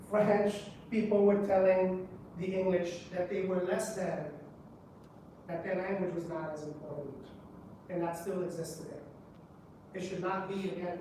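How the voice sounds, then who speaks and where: Man lecturing in an echoey hall. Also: high voice. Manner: engaging, quizzes the audience with rhetorical questions. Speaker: conference presenter. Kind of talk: lecture to a live audience. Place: public library meeting room. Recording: echoey room, voice from a distance, background noise.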